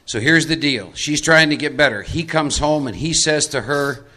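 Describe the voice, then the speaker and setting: A man's voice: on the high side, normal speed, bright, forceful tone. A man giving a live recovery workshop talk, conversational and coaxing as he pulls volunteers from the audience into a role-play. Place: meeting room with audience.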